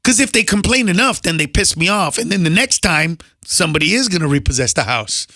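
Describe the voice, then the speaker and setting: A male stand-up comedian, a guest in a radio studio, telling stories in a lively way and slipping into voices. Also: sits high, a little fast, no echo. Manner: animated storyteller, slips into voices. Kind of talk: casual radio interview.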